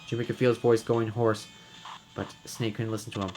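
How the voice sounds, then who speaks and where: Low-voiced man reading a game aloud. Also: level tone, fairly quick, darkish tone, soft background music. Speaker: game reader and narrator. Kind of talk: reading a visual novel aloud.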